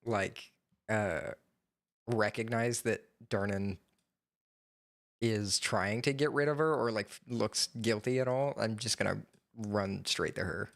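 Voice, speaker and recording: A man's voice: lowish voice, takes it slowly, vocal fry, fairly bright tone. Hesitant, stammering man playing a role-play game. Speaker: player.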